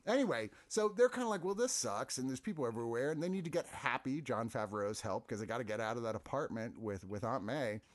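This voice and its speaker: A man talking through a film in a relaxed podcast chat. His pitch swings up and down freely, and he breaks into laughter and quick jokes as he goes. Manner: animated, laughs often, playful asides. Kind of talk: casual review chat.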